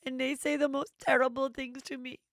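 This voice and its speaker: A woman's voice: high voice, flat delivery, brisk, dry recording, studio quality, pitched above the performer's own voice, natural voice. A woman voicing an emotional, sweet young wife, speaking earnestly and plaintively. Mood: hurt, earnest.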